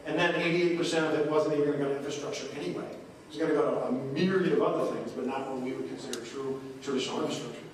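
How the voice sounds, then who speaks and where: A man's voice: a little high, very fast, slight background noise. A man giving a punchy, joking town hall speech as a congressman. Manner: punchy, joking, folksy delivery. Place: courthouse meeting room. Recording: echoey live room from far off.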